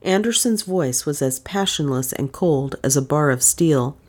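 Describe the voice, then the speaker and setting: A woman reading a mystery novel aloud in measured, even narration. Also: low-pitched. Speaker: audiobook narrator. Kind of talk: scripted narration.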